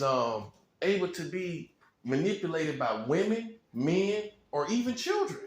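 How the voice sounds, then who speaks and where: A man's voice: fairly high pitch, echoey room. A man giving an informal preaching monologue, blunt and repetitive, with slang and chuckles. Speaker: self-styled prophet.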